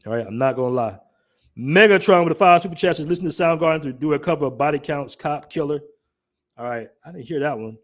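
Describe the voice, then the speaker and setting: A man's voice: on the high side, fast talker. A man in his forties hosting a livestream, talking casually in slang and joking with his chat. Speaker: livestream host.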